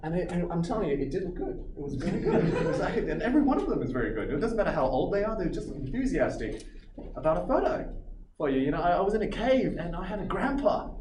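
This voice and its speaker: A man casually telling a travel story, animated and laughing often, acting out what people said. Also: high-pitched, fast. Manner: animated, acts out quotes, laughs a lot. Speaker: storyteller recounting a trip. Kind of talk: casual anecdotal chat. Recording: roomy echo, distant mic, background noise.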